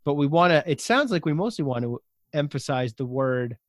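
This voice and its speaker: Thoughtful and expressive, this male podcast host has a fairly high pitch and talks at a moderate pace. The clean studio recording has no room sound, and he reflects aloud while restating his guest's advice his own way in a conversational interview.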